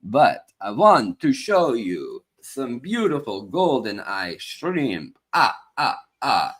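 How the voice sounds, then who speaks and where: A man's voice: medium pitch, sing-song, slow, fairly bright tone, slightly rough. A man hosting a casual aquarium livestream from an indoor studio, rambling and joking with lots of fillers. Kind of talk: casual live-stream chat.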